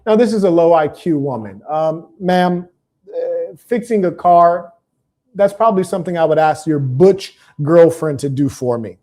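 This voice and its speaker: A man's voice: on the high side, moderate pace, dark tone. A man hosting a livestream, delivering a preachy, combative monologue and reading out viewer comments, with emphatic repetition. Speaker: live stream host.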